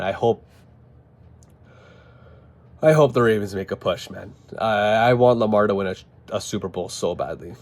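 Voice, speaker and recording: A man ranting casually about a football game, animated and exasperated, with frequent swearing. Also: lowish voice, moderate pace. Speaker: football fan vlogger. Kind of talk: casual sports rant.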